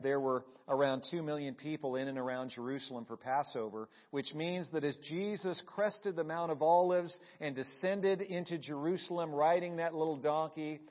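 A male pastor preaching a sermon, asking the congregation questions and swinging between hushed and loud delivery. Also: a little high, muffled recording. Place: church sanctuary.

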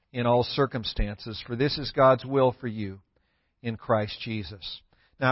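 High-voiced man preaching emphatically. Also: dry recording. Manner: emphatic, repeats key words for stress. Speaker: pastor. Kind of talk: sermon. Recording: dull lo-fi sound.

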